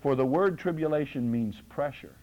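A man preaching a sermon as pastor, impassioned, swinging from loud exhortation to hushed, low tones. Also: normal speed, muffled recording.

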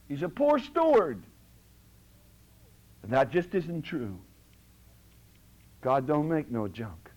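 Impassioned high-pitched preacher man. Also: rough recording. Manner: impassioned preaching, swinging from loud exhortation to hushed low tones. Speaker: pastor. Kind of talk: sermon.

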